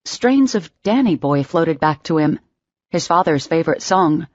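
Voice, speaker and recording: A woman's voice: deep voice, animated, measured pace, darkish tone, no room sound, highs cut off. A woman narrating an audiobook, reading steadily. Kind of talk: scripted narration.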